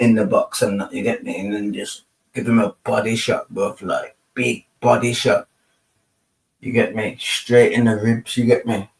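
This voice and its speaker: Slangy young man, distant and roomy. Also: lowish voice. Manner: slangy storytelling with constant tag questions. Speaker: panel guest. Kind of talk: casual chat.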